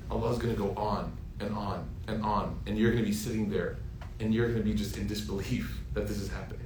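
A man's voice: lowish voice, a little fast, slight background noise. Heartfelt preacher in his thirties, roomy echo. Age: 30s. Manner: heartfelt storytelling, rising to emphatic peaks. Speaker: Islamic preacher. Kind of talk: sermon.

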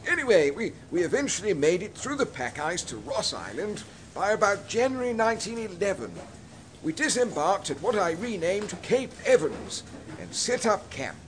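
A man's voice: high-pitched, big pitch swings, normal speed, slight background noise. A man playing a pompous, easily offended polar expedition captain in a comic history sketch. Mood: boastful. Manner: indignant, stiff-upper-lip bluster.

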